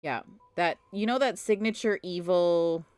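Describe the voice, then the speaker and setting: A woman's voice: on the low side, measured pace, a little mellow, clear, resonant tone, no room sound, faint music behind. A woman at home, chatting on a live stream with exasperated, playful storytelling and teasing. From Canada. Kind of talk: casual live-stream chat.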